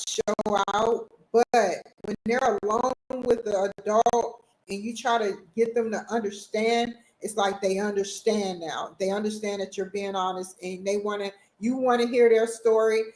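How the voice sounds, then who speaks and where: A woman's voice: mid-range voice, fairly even intonation, measured pace, hardly any pauses, darkish tone, reverberant, poor audio. A woman hosting an interview, talking in a casual, conversational way. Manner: casual, conversational, with fillers like "you know". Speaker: talk show host.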